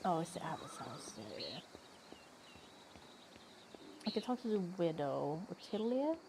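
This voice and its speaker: A woman's voice: fairly low pitch, big pitch swings, a little slow. Woman doing a let's play, reads the text out, swears a lot, kinda unsure, noisy mic hiss. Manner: casual, swears often, thinks aloud, hesitant. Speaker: game streamer. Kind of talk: let's play commentary, reading game dialogue aloud.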